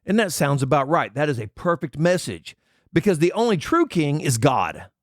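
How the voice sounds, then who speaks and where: A man's voice: fairly high pitch, very animated, moderate pace, no echo, studio quality. Ranting man with a swooping voice. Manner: indignant ranting, reads out items and mocks them. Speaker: commentary channel host. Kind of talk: angry political commentary.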